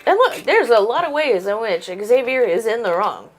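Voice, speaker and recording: A woman's voice: fairly high pitch, big pitch swings, normal speed, faint music behind. A woman chatting casually on a livestream, chiming in agreeably and adding her own view.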